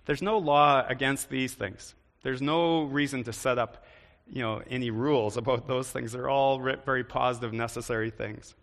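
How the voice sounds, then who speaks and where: A man's voice: mid-range voice, fairly even intonation, moderate pace, a bit bright, long reverb tail. A man preaching a sermon in a conversational way, often turning to the congregation with questions. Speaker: pastor.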